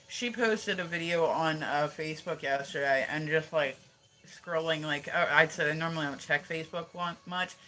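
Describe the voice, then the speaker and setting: An American man rambles casually on a livestream, swearing and dropping "like" into nearly every sentence. His voice sits on the high side and sounds pushed and bright.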